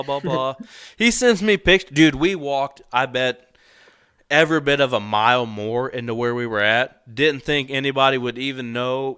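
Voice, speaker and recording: Young guy on a podcast telling a story, bright crisp voice, laughs a lot, drops a swear or two. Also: medium pitch, no echo, clean studio sound. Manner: animated storyteller, laughs often, swears casually. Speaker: podcast guest, bowhunter. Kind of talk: casual storytelling in a podcast interview.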